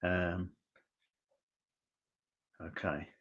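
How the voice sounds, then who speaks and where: Slow, low-voiced male medium. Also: level tone, muffled recording. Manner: halting and hesitant, checking in with "okay?"; gentle and reassuring. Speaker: spiritualist medium. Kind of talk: giving clairvoyant messages in an online church service.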